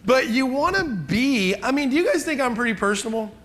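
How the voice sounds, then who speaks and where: A man's voice: very high-pitched, lively intonation, a little fast, fairly bright tone. A middle-aged man giving a chatty, joking real estate seminar, asking the audience questions. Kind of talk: live seminar talk to an audience.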